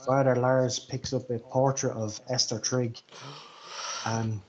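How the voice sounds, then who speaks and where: A man runs a tabletop game at the table, calling for dice checks and joking with his players. His voice sits at an ordinary pitch. The recording is a little dull and lo-fi. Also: level tone, slow, a little mellow. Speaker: game master.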